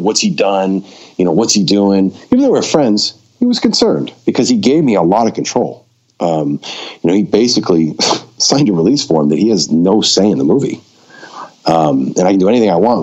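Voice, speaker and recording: On a podcast, a documentary filmmaker with a very low voice spins a casual story, slipping into the voices of whoever he's quoting. He sounds relaxed, conversational and animated. The recording is lo-fi and dull, its highs rolled off.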